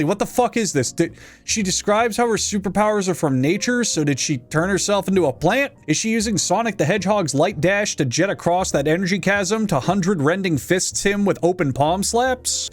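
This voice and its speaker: A man hosts a comedic comic review in a sarcastic, mocking tone. His voice is high and very lively in pitch. Faint music plays underneath. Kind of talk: comedic commentary.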